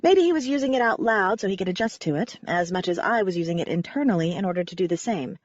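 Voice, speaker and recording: A woman's voice: on the low side, lively intonation, fast talker, no echo. Wry woman narrating an audiobook. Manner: wry, conversational reading. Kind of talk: first-person audiobook narration. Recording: dry, slightly dull recording.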